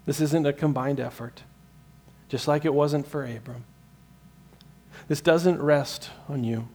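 A man preaching a sermon as pastor, earnest, swinging from emphatic peaks to hushed, slow lines, often repeating a word as he restarts. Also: on the high side. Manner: repeats words as he restarts sentences.

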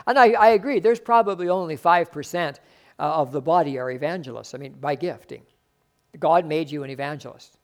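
A man preaching a fervent sermon as pastor, swelling loud and then dropping soft. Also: high-pitched.

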